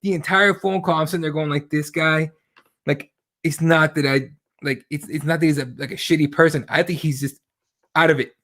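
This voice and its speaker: A man co-hosting a casual show, ranting with heat and plenty of swearing, slipping into impressions of the people he quotes. His voice sits a little higher than most men's. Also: fairly even intonation, a little fast, a bit bright. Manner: heated and profane, mimics voices while retelling. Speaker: podcast co-host. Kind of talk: casual chat about current events.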